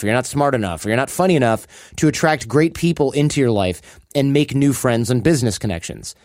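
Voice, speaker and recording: A podcast host with a middle-pitched, darkish voice reads sponsor ads in a loose, chatty way, bantering and slipping into quick playful voices for quoted bits. The audio is dry and close, with no echo or room sound.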